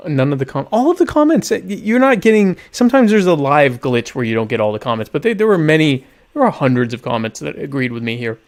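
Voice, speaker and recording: A man's voice: fairly high pitch, very animated, quick pace, few pauses. A young man hosting a casual live-streamed talk show, reading viewer questions aloud and answering with sardonic, mock-pompous humor. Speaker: podcast host.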